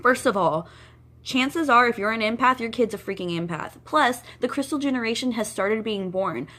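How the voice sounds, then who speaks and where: A woman with a rather high, expressive voice, pushed and bright, speaks at a moderate pace while giving twin flame psychic advice to viewers. In this casual spiritual monologue she is blunt and emphatic, repeating her points and addressing them directly.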